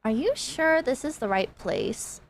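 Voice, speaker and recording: A woman putting on the voice of an odd woman driver, speaking slowly and flatly in a lower voice than her own. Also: vocal fry, full character voice. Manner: slow, low, flat delivery. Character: odd, slow-talking woman driver, flat and dazed.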